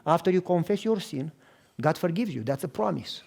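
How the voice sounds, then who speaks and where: Animated pastor. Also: male voice, a little high, fairly quick, creaky. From Romania. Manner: animated, acts out dialogue. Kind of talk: storytelling sermon.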